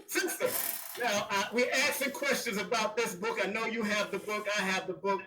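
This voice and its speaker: A man's voice: high voice, normal speed, recorded from a distance, noisy background. A man hosting a casual chat, exuberant and playful, repeating himself as he talks. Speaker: host.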